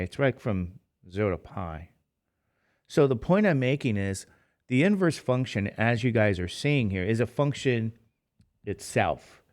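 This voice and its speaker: Sleepy, rambling male math teacher. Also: lowish voice. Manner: rambling, self-deprecating, chatty asides. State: tired, sleepy. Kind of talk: casual classroom lecture.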